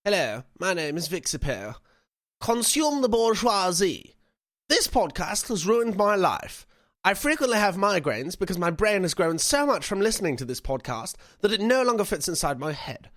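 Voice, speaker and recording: A man's voice: high voice, fairly bright tone, dry recording, clean studio sound. A man co-hosting a podcast, reading a listener review in a mock-earnest way and teasing the others. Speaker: podcast co-host. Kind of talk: casual podcast chat.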